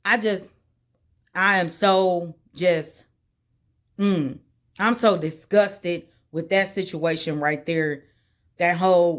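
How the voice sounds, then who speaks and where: A woman from Indiana, USA, venting on her vlog in an exasperated rant, repeating her points over and over. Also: on the low side. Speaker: vlogger. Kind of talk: casual opinion vlog.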